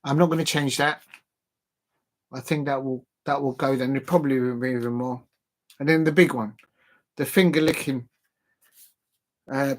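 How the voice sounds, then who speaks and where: Chatty opinionated man hosting a football stream. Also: on the high side. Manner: chatty and opinionated, talking straight to viewers. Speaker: football watch-along host. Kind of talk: casual football predictions chat.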